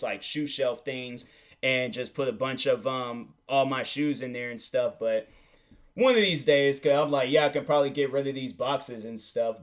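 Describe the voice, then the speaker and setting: A man's voice: mid-range voice, a bit bright. Rambling young man podcasting. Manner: rambling with many fillers and restarts. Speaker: podcast host. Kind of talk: casual solo podcast chat.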